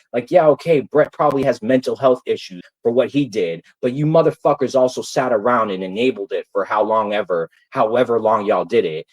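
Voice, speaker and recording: A man's voice: mid-range voice, darkish tone, low-quality recording. A man ranting in casual talk, packed with "like" fillers and swearing, and stressed. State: stressed, subdued. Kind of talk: casual livestream rant.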